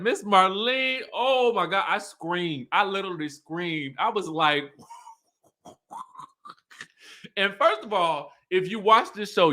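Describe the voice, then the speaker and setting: A man hosting a casual recap, chatting in an animated way and laughing often. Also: on the high side. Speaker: YouTube recap host. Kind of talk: casual reality TV recap commentary.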